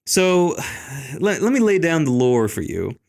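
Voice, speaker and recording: Male podcast host, slightly high-pitched, blunt, profane ranter. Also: very animated, a little slow, creaky, a little mellow. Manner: blunt, profane ranting with mocking impressions. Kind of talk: casual podcast chat.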